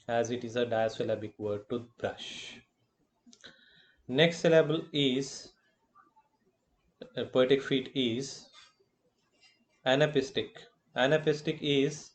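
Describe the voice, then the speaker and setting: Male lecturer, Indian English accent, medium pitch, slow and repetitive delivery. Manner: slow and deliberate, repeating terms with filler phrases. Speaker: college lecturer. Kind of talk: recorded classroom lecture.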